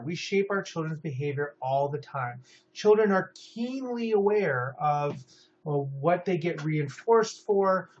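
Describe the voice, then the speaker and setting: A man's voice: on the high side, muffled recording, a little hiss or hum. A man in his thirties giving a psychology lecture in a conversational way, often checking in with "right?". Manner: conversational, many fillers and "right?" tags.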